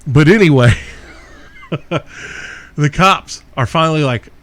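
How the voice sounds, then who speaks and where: A middle-aged man with a fairly high voice speaks slowly as he hosts a podcast. He recounts a wild story in a loose, profane way, often laughing at his own tale.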